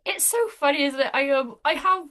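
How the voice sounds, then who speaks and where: A woman in casual conversation, telling a personal anecdote with lively energy. Her voice sits somewhat high, and she often restarts sentences and stumbles over words. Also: brisk. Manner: chatty, animated storytelling with frequent restarts. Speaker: author guest. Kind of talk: casual interview chat.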